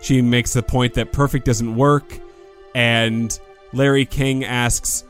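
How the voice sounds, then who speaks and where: A man's voice: mid-range voice, flat delivery, slow, a bit bright, soft background music. A man co-hosting a podcast, chatting casually about a film and acting out quotes with quips. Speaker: podcast co-host. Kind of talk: casual movie review chat.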